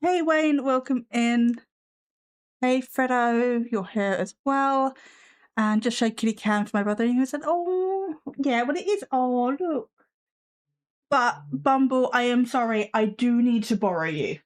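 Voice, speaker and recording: A live stream host chats from her desk at home, her voice sitting a little high for a woman. She talks loosely to her viewers and her cat, breaking into dry, self-mocking sarcasm. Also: unhurried, smooth. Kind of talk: casual live stream chat.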